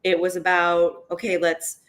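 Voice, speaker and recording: Woman, lower voice, former mentor, earnest, emphatic, heartfelt, fighting tears. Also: completely flat delivery, measured pace, fairly bright tone. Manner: earnest, emphatic, frequent "right?" asides. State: holding back tears. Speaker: former school advocate and mentor. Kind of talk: heartfelt conversational reminiscence.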